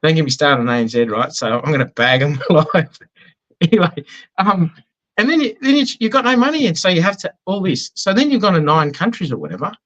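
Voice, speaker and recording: A man's voice: on the high side, animated, fairly quick, fairly bright tone, muffled recording. An Australian man chatting in an interview, telling anecdotes in a self-deprecating way. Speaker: business guest. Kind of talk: casual conversational interview.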